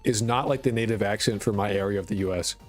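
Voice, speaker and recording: Rambling profane streamer with a New York-Boston lilt. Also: male voice, lowish voice, fast, faint music behind. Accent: mixed New York, Boston and Connecticut. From rural Connecticut, US. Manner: rambling, profane, self-deprecating. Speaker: game dev streamer. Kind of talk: casual live-stream chat.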